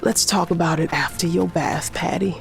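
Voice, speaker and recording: An actress playing a protective, loving old grandmother witch in an audio drama, firm and warm. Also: lowish voice, steady tone, normal speed, gravelly, soft background music. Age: older.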